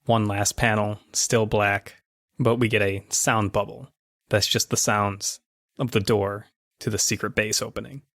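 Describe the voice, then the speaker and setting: A man runs a tabletop game with loose, chatty narration, asking players what happens next. His voice sits a little low, and the recording is dry with no room sound. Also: steady tone, unhurried, a bit bright, no room sound. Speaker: game master.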